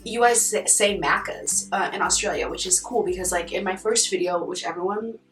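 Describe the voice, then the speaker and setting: A woman's voice: fairly low pitch, moderate pace. Chatty young American woman, roomy sound. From United States. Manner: chatty, animated, acts out quoted voices. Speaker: vlogger. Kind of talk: casual chat to camera. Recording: roomy, from a distance, soft guitar music behind.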